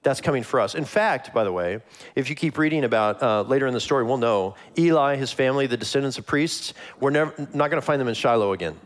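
A man preaching a conversational sermon as a pastor, animated and acting out the lines he quotes. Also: mid-range voice, fast.

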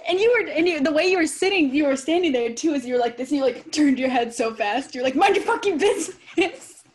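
High-voiced young woman telling stories. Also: fast. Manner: animated storyteller, many "like"s. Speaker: podcast guest. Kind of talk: casual chat.

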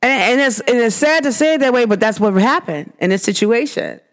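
A young woman hosting a podcast, talking in an emphatic, animated rant full of rhetorical questions. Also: fairly high pitch, brisk. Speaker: podcast host. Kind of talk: casual monologue.

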